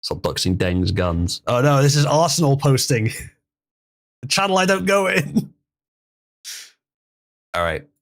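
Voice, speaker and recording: A man's voice: mid-range voice, big pitch swings, slow pace, long pauses. Chatty man hosting a livestream. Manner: chatty, laughs often, restarts sentences. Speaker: livestream host. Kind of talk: casual livestream commentary reading chat.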